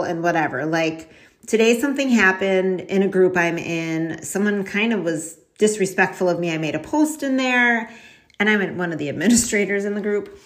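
A woman hosting a casual solo podcast, chatty and candid, with lots of "like" and "um" and lively storytelling. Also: medium pitch. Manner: chatty and candid, frequent fillers like "like" and "um"; animated storytelling with laughs and quoted asides. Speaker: podcast host.

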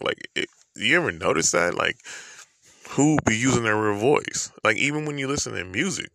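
A man's voice: lowish voice, lively intonation, moderate pace, gravelly, sharp tone, no echo. A man giving a casual, rambling opinion monologue to camera, slangy and loose with lots of fillers.

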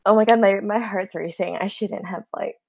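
A young woman hosting a casual chat, giggly, excitable and flustered. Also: medium pitch, moderate pace, vocal fry, slight background noise. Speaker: host.

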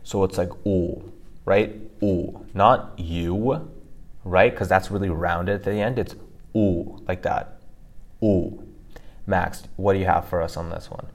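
Guy with a really low voice walking through pronunciation, keeps saying right?. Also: fairly even intonation, normal speed. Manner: explains step by step, often asks "right?". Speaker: co-host teaching pronunciation. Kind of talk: casual teaching podcast.

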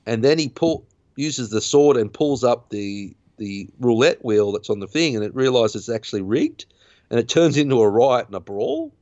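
A male podcast host chats casually through a film's plot, rambling and restarting often with many fillers. The mid-range voice swings widely in pitch at a moderate pace, sounding a little mellow with no echo, in dull, dry lo-fi audio.

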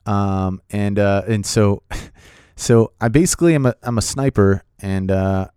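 Guy telling a story about being on set, kinda low voice, excitable and rambling, lots of ums, dry sound. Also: measured pace, clear, resonant tone, no echo. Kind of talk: casual anecdote.

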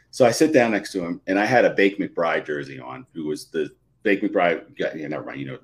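A man's voice: sits low, animated, brisk. A middle-aged man from the Philadelphia area, a podcast guest telling a personal story in a live chat, repeating and restarting phrases.

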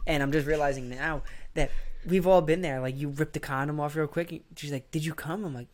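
A man's voice: fairly high pitch, fairly quick. A man in his late twenties, a podcast host, joking crudely in casual chat with acted-out quotes. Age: late 20s.

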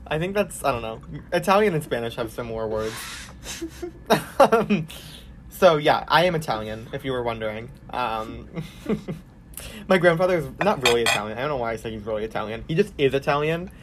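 A man's voice: medium pitch, lively intonation, moderate pace, noisy background. A young man co-hosting a podcast in casual chat, rambling and laid-back. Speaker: podcast co-host.

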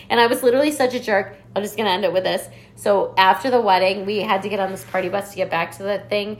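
A young woman co-hosting a podcast, telling a story in casual chat, animated and full of "like" fillers and swearing. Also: medium pitch, quick pace, few pauses. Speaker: podcast co-host.

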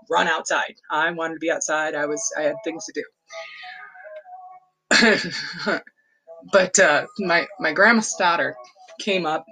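A woman's voice: low voice, fairly bright tone, poor audio. A woman casually telling a nostalgic family story, rambling with lots of fillers and laughs. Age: adult. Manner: fond, nostalgic recollection.

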